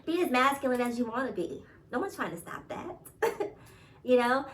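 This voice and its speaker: A woman's voice: on the high side, very animated, normal speed, a little hiss or hum. Emphatic New York woman, slightly distant mic. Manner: emphatic, repeats points, laughs often. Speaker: commentary vlogger. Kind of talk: casual opinion commentary.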